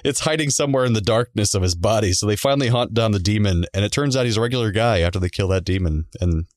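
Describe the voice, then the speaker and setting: Guy cohost, laughs a lot, chatty, lowish voice, dry close mic. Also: quick pace, dry recording. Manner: laughs often, chatty and loose. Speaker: podcast co-host. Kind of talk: casual chat.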